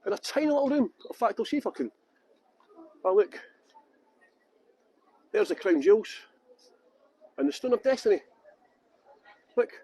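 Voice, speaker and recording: This English-born guide, who speaks with a Scottish accent, holds up his phone to live-stream a walking tour of castle grounds, bantering with his audience. He has a very high, mellow, husky voice that is expressive, moving at normal speed with long pauses. The recording quality is low.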